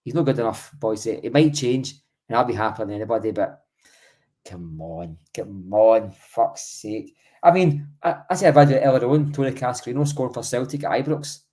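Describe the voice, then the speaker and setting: A man's voice: medium pitch, fast, warm tone. A Scottish man co-hosting a football podcast, talking in a blunt, emphatic and sweary way. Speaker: podcast co-host. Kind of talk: heated football chat.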